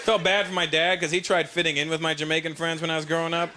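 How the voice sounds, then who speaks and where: A man's voice: a little high, level tone, fast talker. A man doing a stand-up comedy routine on a live stage, brash and teasing as he chats with the crowd. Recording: live show with loud audience noise.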